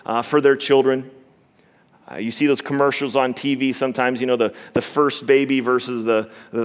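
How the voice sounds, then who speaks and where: A man's voice: mid-range voice, smooth. Guy preaching a sermon, stresses words hard, repeats himself building up, mid voice, big hall echo. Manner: emphatic, slows down to stress key words, repeats words when building a point. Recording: long reverb of a large hall.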